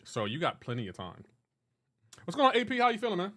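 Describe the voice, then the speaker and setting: Young male gamer-streamer, slightly high voice, playful trash-talking banter. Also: wildly swooping pitch, fast talker, sharp tone. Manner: teasing, banter-heavy, breaks into laughter. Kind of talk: casual live-stream chat, reading chat aloud.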